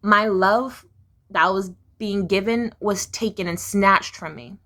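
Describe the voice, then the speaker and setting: A woman's voice: medium pitch, slow, fairly bright tone. A young woman speaking candidly in a personal confessional vlog, raw and profane, firing off heated rhetorical questions. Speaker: vlogger. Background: music.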